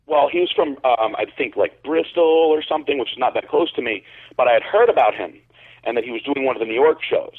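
A man's voice: mid-range voice, big pitch swings, quick pace, slightly rough. A man co-hosting a podcast, telling a story in a rambling way with lots of fillers and restarts. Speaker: podcast co-host. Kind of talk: casual storytelling. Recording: phone-like narrow sound.

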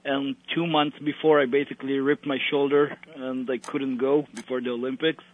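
A man's voice: medium pitch, level tone. Israeli man on a tinny line. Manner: halting, many restarts, plain non-native phrasing. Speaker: guest bodybuilder. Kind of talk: casual interview. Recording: tinny phone-like line, dry.

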